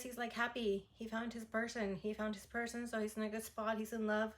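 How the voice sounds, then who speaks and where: A woman's voice: mid-range voice, steady tone, moderate pace. A young woman chatting through a casual album review, full of "like" fillers and gushing enthusiasm. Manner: chatty and effusive, many "like" fillers. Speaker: music reaction vlogger.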